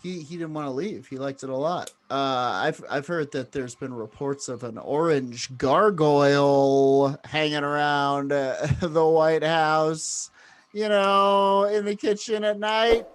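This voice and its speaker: A woman's voice: low voice, slow pace. A woman co-hosting a comedy podcast, playful and riffing on jokes. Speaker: podcast co-host. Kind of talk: casual comedy podcast chat.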